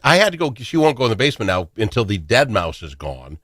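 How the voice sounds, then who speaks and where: A man's voice: fairly low pitch, fast talker, no room sound, studio quality. A middle-aged man hosting a talk show, telling jokey stories in casual chat. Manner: animated, jokey storytelling. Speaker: radio talk show host.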